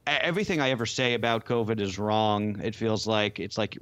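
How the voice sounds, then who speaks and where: This man hosts a daily news podcast, speaking in a low register with a dry, close sound. His delivery is wry and a little exasperated, and he banters quickly with his co-host. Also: fairly even intonation, fairly bright tone, clear, resonant tone, dry recording, highs cut off. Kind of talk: casual news podcast chat.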